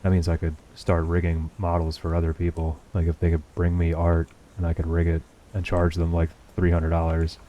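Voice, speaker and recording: Young male streamer, very low and mellow, swears freely, sarcastic asides to chat, faint room noise. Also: monotone, a little fast, hardly any pauses. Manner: profane, sarcastic running commentary to chat. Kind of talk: casual livestream gameplay chat.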